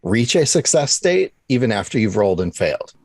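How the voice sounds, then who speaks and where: A player in a tabletop game, relaxed, explaining the rules to the others. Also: medium pitch, brisk, no echo, clean studio sound. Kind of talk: tabletop role-play chat.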